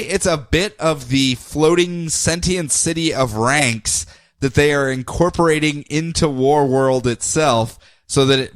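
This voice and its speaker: A man co-hosting a podcast, recapping comic books in a casual, animated way. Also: a little high, dry recording. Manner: animated, acts out character quotes in funny voices. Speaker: podcast co-host.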